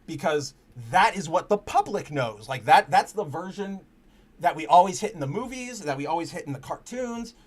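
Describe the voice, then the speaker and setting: A man's voice: sits high, animated, moderate pace. A man hosting a casual comic book chat stream, rambling with frequent restarts, cursing freely and speaking candidly about personal matters. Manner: earnest and candid when personal. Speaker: podcast host.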